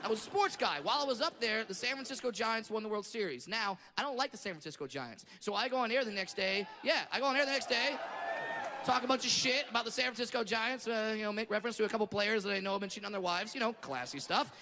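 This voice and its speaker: A middle-aged man from Southern California doing a stand-up set on stage, brash and profane, shouting his punchlines. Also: high-pitched, expressive, quick pace, long reverb tail, a crowd in the background. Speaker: stand-up comedian. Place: comedy stage before a laughing audience. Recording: live stage sound with audience noise.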